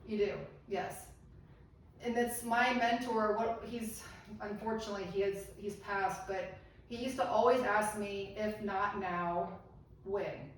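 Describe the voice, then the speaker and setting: A woman's voice: mid-range voice, steady tone, unhurried. A middle-aged woman giving a live health seminar, earnest and encouraging, asking the audience questions. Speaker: medical seminar presenter. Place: seminar room. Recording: echoey room from far off, faint noise.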